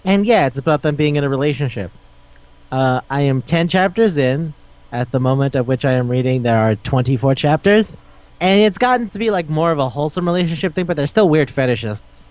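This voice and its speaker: A man's voice: a little high, animated, fairly quick, a little mellow, no room sound, highs cut off. A man hosting a podcast in casual chat, rambling through a recap, swearing often and laughing as he talks. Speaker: podcast host.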